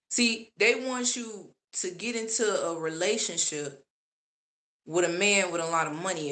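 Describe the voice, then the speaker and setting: Woman, vlogger, casual commentary, sassy, animated, bright voice. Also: lowish voice. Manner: sassy, animated, laughs often.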